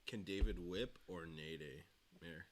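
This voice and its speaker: A man's voice: deep voice, slow pace, slight background noise. A young man hosting a livestream, chatting casually and mumbling a bit while he eats. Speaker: livestream host. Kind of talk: casual chat while eating. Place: home studio, indoors.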